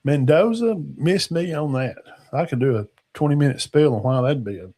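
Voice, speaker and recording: A man's voice: fairly high pitch, animated, moderate pace, dark tone. A man, hosting a casual football talk show in a rambling, folksy way that trails off into mumbles. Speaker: sports talk show host.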